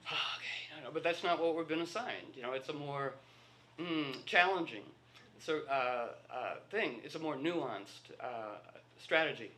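A man's voice: fairly high pitch, measured pace, pushed and bright. A man giving a rambling, playful talk to a live group, often slipping into quoted voices.

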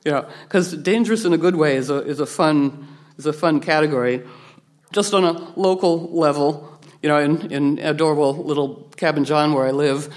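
A man giving a rambling spiritual talk, animated, acting out quotes from others with playful voices and frequent restarts. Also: on the high side, moderate pace.

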